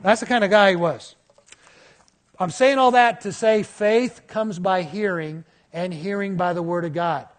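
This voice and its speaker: A man in his fifties preaching a sermon, telling stories in a lively way. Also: high voice, measured pace. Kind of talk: sermon storytelling.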